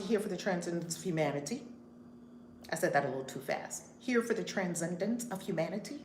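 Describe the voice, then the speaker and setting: Animated woman hosting a live storytime. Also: medium pitch, a little hiss or hum. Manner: animated, greets viewers by name mid-story. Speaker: reverend and channel host. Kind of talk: casual live-stream storytime. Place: room in her home. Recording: roomy home room with faint ambience.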